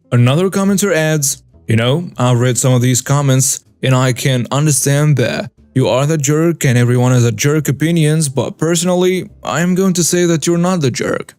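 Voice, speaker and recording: A man's voice: a little high, moderate pace, hardly any pauses, no echo. Man narrating a story, clipped phrases. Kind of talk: scripted narration of a reader-submitted story. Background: soft background music.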